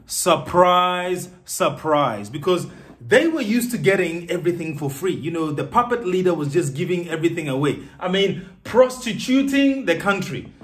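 A man giving animated, sarcastic political commentary as a vlogger. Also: high-pitched, moderate pace.

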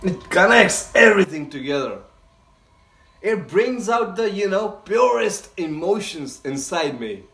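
A man giving excited anime reaction commentary, gushing and exclaiming often. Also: high-pitched, measured pace. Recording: roomy echoey room.

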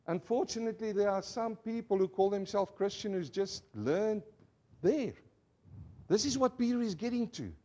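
A man's voice: high-pitched, animated, moderate pace, mellow. A male pastor giving a sermon to a congregation, leading call-and-response and explaining word meanings step by step with rhetorical questions. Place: church service before a congregation.

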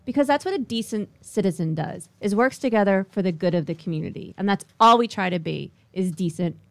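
A woman's voice: mid-range voice, expressive, a little fast, gravelly, dry recording. A woman playing a tabletop game, speaking in character with dry, snarky asides. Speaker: player.

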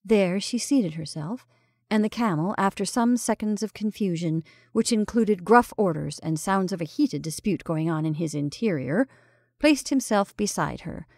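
A woman narrating a classic short story in a measured, calm way. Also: medium pitch, no echo, clean studio sound. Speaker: story reader.

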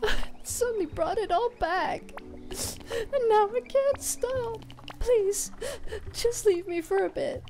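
A woman voicing a tearful middle-aged woman who is overwhelmed with emotion, in a high, wavering voice that breaks into sobs. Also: takes it slowly, a little mellow, faint music behind.

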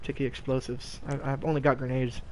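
A young man streaming a game, talking casually with loud, profane, laughing trash talk. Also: medium pitch, level tone, brisk, slight background noise. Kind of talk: casual gaming stream commentary.

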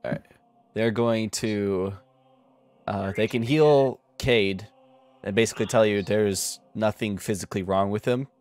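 A man's voice: on the low side, measured pace, darkish tone, soft background music. A man running a tabletop game as game master, laughing often and narrating with frequent fillers.

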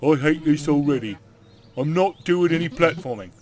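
A man's voice: fairly high pitch, lively intonation, moderate pace, close to an everyday voice. A man voicing a grumpy, old-fashioned man who scorns platforming, in a mixed British and New York accent with dry, sardonic delivery. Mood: grumbling. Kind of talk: game dialogue read aloud.

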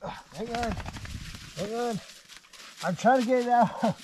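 A man vlogging while shed hunting in the woods, talking warmly to his dogs with excited praise and laughter. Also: extremely high pitch, measured pace, noisy background. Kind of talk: casual outdoor vlog talk to dogs. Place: woods outdoors.

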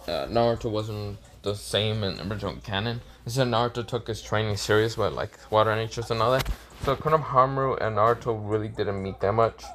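A man with a fairly low voice loosely retelling a made-up story. He rambles, fills gaps with "uh" and "like," and keeps tripping over names before correcting himself. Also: fairly bright tone. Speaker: YouTube storyteller. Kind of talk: casual improvised fan-fiction retelling.

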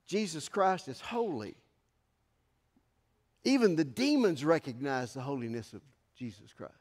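A man pastor preaching an emphatic sermon in a church sanctuary, his voice swelling to loud declarations. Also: on the high side, lively intonation, a little slow, long pauses, big-room sound.

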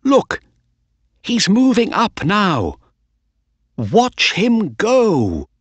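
Man voicing an eager companion, storybook figure, urging, lively pitch. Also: slow, no echo, full character voice. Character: eager male companion of a detective, watching a race.

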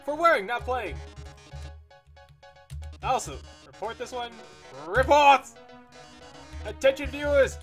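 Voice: high voice, slow pace, pauses often, soft background music, voice pushed up. A gamer doing a showy robot TV host, British. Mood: theatrical. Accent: put-on British. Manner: theatrical announcer delivery. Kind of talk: let's play voice acting.

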